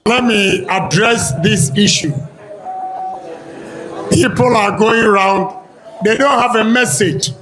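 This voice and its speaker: A Ghanaian man giving a campaign speech, speaking deliberately and listing his points one by one. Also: high-pitched, background noise. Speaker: politician.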